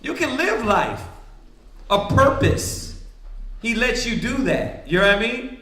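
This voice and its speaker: A man's voice: very high-pitched, big pitch swings, unhurried, pushed and bright, reverberant. A man preaching in a casual, conversational way, often asking "right?" and acting out the voices of the people he quotes. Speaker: priest teaching scripture.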